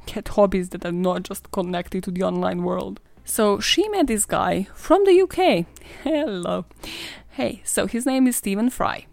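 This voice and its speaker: A woman's voice: mid-range voice, expressive, a little slow, creaky, darkish tone, no echo. A woman hosting a podcast, telling a true-crime story in a casual, sarcastic way, swearing and laughing often. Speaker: podcast host.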